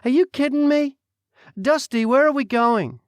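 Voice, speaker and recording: A man's voice: extremely high pitch, normal speed, dry recording, voice pushed up. A man doing an impatient runaway bride. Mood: exasperated. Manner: sharp, impatient questions. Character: exasperated young runaway bride.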